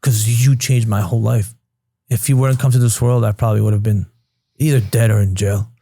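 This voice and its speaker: A man's voice: fairly low pitch, steady tone, fairly quick, gravelly, warm tone, husky, dry recording, studio quality. A man in his thirties from Queens, New York, a podcast guest telling his life story candidly and casually, swearing freely and acting out past conversations. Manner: blunt, swears freely, retells scenes with quoted dialogue.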